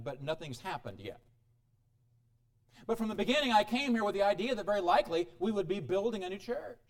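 A man preaching a sermon as pastor, animated, swinging between loud exclamations and quiet asides. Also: high voice. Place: church.

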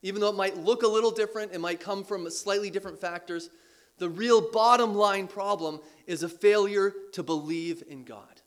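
High-voiced man preaching a sermon. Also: normal speed, smooth. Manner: earnest preaching, repeats phrases for emphasis, drops low at phrase ends. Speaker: pastor.

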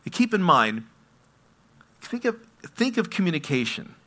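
Animated, bright-voiced male preacher. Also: high-pitched, unhurried. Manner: animated, asks the audience questions. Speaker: pastor. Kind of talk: sermon.

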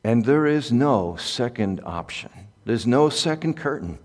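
A man preaching a sermon as pastor, swinging from soft, quiet asides to loud, impassioned peaks. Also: medium pitch, expressive, a little slow. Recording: echoey hall with long reverb.

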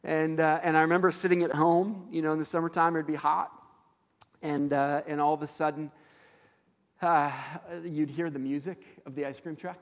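A man preaching a sermon as a pastor, telling stories in an animated way with frequent fillers. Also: fairly high pitch, moderate pace, long reverb tail.

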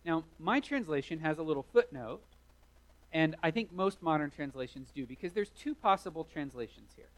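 Guy preaching, vivid storyteller, voice on the higher side. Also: lively intonation, normal speed, a bit bright, poor audio. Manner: storytelling, vivid retelling with rising emphasis. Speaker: pastor. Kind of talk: sermon.

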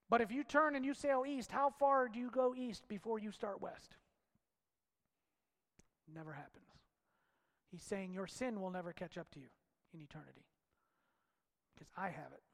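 Male preacher, high voice, impassioned delivery in a reverberant hall. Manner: impassioned, swings from loud shouts to hushed low lines. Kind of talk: sermon.

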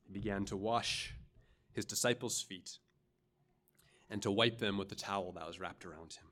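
A man preaching a sermon as pastor, earnest and dramatic, pausing often and checking in with the congregation with a quick "right?". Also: fairly low pitch, a bit bright. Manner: earnest, dramatic, with pauses and rising emphasis; frequent "right?" asides to the congregation.

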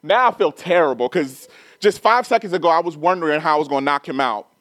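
A man's voice: fairly high pitch, fast talker, fairly bright tone, no room sound. A middle-aged man preaching a sermon, telling a personal story casually and then building to emphatic, rising preaching.

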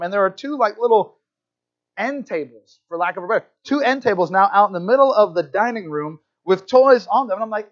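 A high-pitched male pastor preaching to his congregation. He tells stories in a chatty, self-deprecating way and often restarts his sentences. The recording is dull and lo-fi, taken in a church. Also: fast, a bit bright. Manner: conversational, self-deprecating storytelling with frequent restarts. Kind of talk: sermon. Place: church sanctuary.

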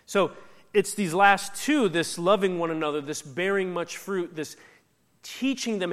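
A man's voice: sits high, measured pace, a bit bright. A man preaching a sermon in a conversational, emphatic way, acting out the lines he quotes. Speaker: pastor. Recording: echoey hall reverb.

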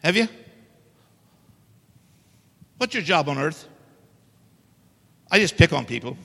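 A man's voice: a little high, very animated, normal speed, gravelly, sharp tone, husky. A middle-aged man preaching a sermon in a church, emphatic and joking with the congregation. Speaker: guest preacher. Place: church sanctuary. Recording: echoey church hall reverb.

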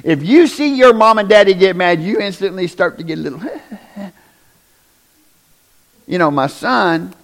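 Guy with a pretty high voice preaching, chatty, keeps asking the crowd stuff, gets loud. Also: lively intonation, measured pace, pauses often. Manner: conversational preaching, rising to loud emphatic bursts; asks the congregation questions often. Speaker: pastor. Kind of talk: sermon.

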